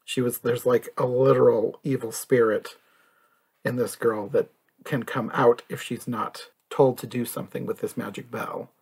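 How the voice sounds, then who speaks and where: A man's voice: medium pitch, little pitch movement, normal speed, creaky, darkish tone, slightly rough. A man co-hosting a podcast, chatting in an easygoing way about a cartoon, laughing often. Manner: easygoing, laughs a lot, uses filler "like". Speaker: podcast co-host. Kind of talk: casual chat about a cartoon.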